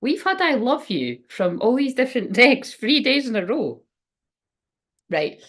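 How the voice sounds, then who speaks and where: A woman's voice: a little high, big pitch swings, unhurried, breathy edge. A woman giving a casual tarot card reading, thinking aloud in a rambling way and swearing now and then.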